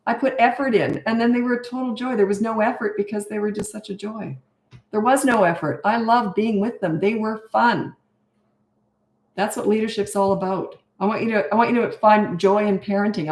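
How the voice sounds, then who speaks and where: A woman's voice: medium pitch, darkish tone. Older woman coach giving blunt, chatty parenting advice in a roomy, echoing space. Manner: chatty, emphatic, drifts into anecdotes. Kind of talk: answering viewer questions, casual advice. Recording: roomy echo.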